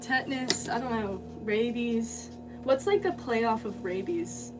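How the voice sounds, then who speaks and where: A woman potter from the United States chats casually and rambles to viewers on a livestream while working in her studio. Her voice is a little high and a little slow, sounding somewhat distant, with music and a steady hum in the background.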